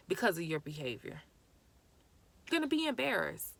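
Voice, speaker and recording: A woman's voice: high voice, very animated, normal speed, vocal fry, long pauses, bright, forceful tone. Young woman scolding people in a rant. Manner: exasperated, scolding, addresses people directly. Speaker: vlogger. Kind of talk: ranting commentary to camera.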